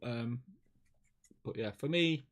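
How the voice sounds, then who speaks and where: A man's voice: medium pitch, takes it slowly. Laid-back man reading live chat aloud. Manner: reads out viewer chat comments; relaxed and chatty, calls his co-host mate. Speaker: stream co-host. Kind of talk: casual chat.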